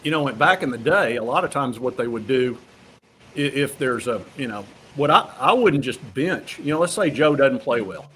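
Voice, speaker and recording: A man's voice: medium pitch, moderate pace, slight background noise. Rambling male sports talk host. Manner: relaxed, rambling with many restarts.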